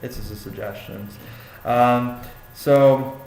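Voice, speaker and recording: A man's voice: mid-range voice, fairly even intonation, takes it slowly, darkish tone. A young man giving a classmate casual spoken feedback on a paper, hesitant, with many fillers and restarts. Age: young adult. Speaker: student giving peer feedback. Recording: echoey room with faint ambient noise.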